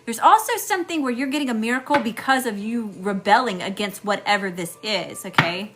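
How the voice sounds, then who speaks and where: A woman's voice: a little high, brisk, noisy background. A middle-aged woman with a Southern US accent, giving an emphatic live tarot reading straight to her viewers. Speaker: tarot reader.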